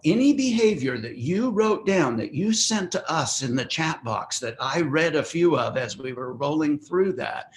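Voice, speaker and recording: An older man giving a conversational, easygoing parenting talk in an online meeting, with friendly asides as he teaches. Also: on the high side. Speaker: parenting workshop presenter. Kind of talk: webinar talk. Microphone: web meeting microphone.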